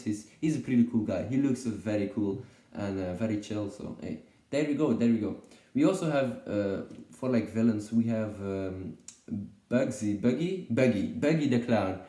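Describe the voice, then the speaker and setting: A man's voice: lowish voice, mellow, roomy sound. A man giving a casual unscripted video review, rambling and hesitant, with many fillers and restarts. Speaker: YouTube reviewer.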